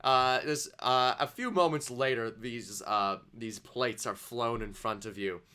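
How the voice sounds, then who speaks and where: A man's voice: medium pitch, a little slow, bright, forceful tone, clear, resonant tone. A man narrating a tabletop game as game master, rambling with many ums and restarts.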